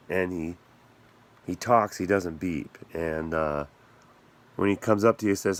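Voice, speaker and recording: A man's voice: sits low, a little slow, creaky, long pauses. A man hosting a casual vlog about his action figures, rambling and joking and often losing his train of thought. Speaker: channel host reviewing toy action figures.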